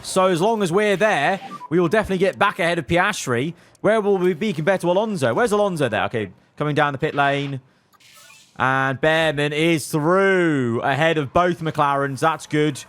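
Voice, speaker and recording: A young man narrates his racing management game as it unfolds, with a voice that sits a little high. He mutters strategy to himself, then bursts out loud when things go wrong, and he coaches his drivers like mates. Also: moderate pace. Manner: excitable, talks to his drivers, swings from muttering to yelling. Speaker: gaming video creator. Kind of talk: live gameplay commentary.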